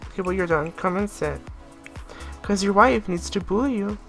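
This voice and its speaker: A woman's voice: medium pitch, moderate pace, soft background music. A woman in her late teens giving casual, chatty let's-play commentary, bossing her game characters around and laughing often. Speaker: gaming YouTuber.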